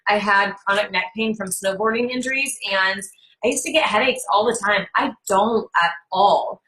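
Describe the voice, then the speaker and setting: A woman's voice: medium pitch, normal speed, pushed and bright, low-quality recording. A woman in casual chat on a live call, recommending products and acting out quoted talk. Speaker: product presenter.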